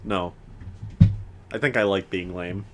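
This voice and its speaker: A young man co-hosting a casual podcast chat, rambling with lots of restarts and animated rants. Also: deep voice, unhurried, slight background noise. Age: young adult. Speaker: podcast co-host.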